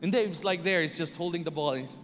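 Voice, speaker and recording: A man's voice: on the high side, quick pace. A middle-aged man, telling a personal story to an audience and acting out the scenes. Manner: animated, acts out scenes and voices. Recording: long reverb with music behind.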